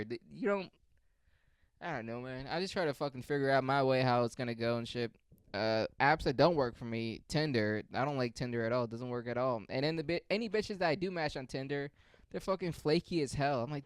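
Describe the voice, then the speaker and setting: A young man talks off the cuff and rambles, swearing freely and making fun of himself. His voice is smooth and clear, and it sits at an ordinary middle pitch. The recording is dry and close, with no room sound. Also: animated, normal speed, dry recording. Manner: profane, rambling, self-mocking. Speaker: podcast host. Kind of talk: casual solo monologue.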